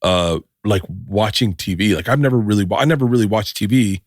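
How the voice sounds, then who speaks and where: A middle-aged man hosting a podcast, telling stories in an animated, profane, casual way. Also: on the low side, a little fast, no echo, studio quality. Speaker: podcast host. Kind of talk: casual chat.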